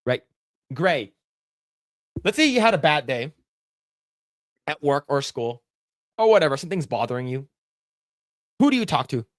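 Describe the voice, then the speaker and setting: A man co-hosting a casual podcast, talking bluntly and profanely with lively storytelling. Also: fairly high pitch, normal speed, long pauses, no room sound, studio quality. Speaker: podcast co-host.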